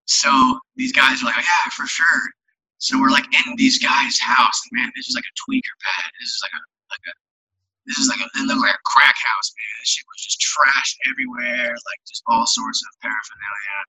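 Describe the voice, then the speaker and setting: Forceful husky young man telling stories. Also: mid-range voice, animated, moderate pace. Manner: rambling, profane, filler-heavy. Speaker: touring musician guest. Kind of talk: casual storytelling chat.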